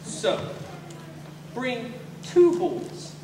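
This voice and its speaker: A performer in a comic church stage reenactment, playing a prophet with playful, jokey delivery and loud taunts. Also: male voice, extremely high pitch, sing-song, very slow. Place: large church hall with audience. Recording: echoey hall, far from mic, noisy.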